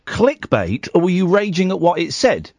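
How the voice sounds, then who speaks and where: A man's voice: high voice, big pitch swings, moderate pace, a little mellow, no echo. A man hosting a late-night radio phone-in, teasing his callers with sardonic, dry remarks.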